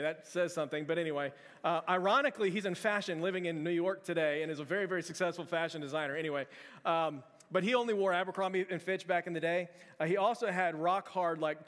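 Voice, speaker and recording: A middle-aged male pastor preaching a sermon in a casual, animated storytelling way. He acts out scenes in a raised voice. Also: a little high. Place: church. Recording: long church hall reverb.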